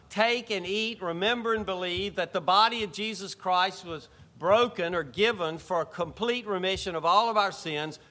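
A man preaching a sermon as pastor, emphatic, rising to exclamations and dropping to quiet asides. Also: sits high.

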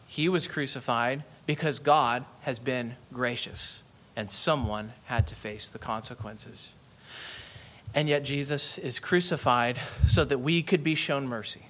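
Man, pastor, high voice, earnest emphatic sermon, slow stressed phrases. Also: a bit bright.

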